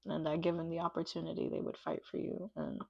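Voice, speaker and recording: Gravelly, gushing woman doing a tarot reading. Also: lowish voice, level tone, quick pace, highs cut off, slight background noise. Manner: gushing and emotional, many "like" fillers. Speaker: tarot reader. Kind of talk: pick-a-card tarot reading.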